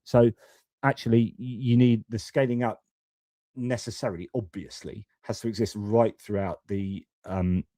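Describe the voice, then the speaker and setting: Man, forties, live-stream commentator, deep mellow voice, plain-spoken and casual, dry sound. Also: no room sound. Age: 40s. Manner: blunt, conversational, casual swearing, many restarts and fillers. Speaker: host of a geopolitics live stream.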